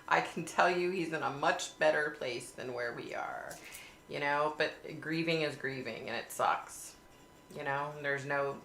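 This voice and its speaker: Lady chatting live with viewers, bright gravelly voice, faint hiss. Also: low-pitched. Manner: chatty, reads viewer comments aloud and answers them. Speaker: livestream host chatting with viewers. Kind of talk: casual live chat. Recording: echoey room with faint hiss.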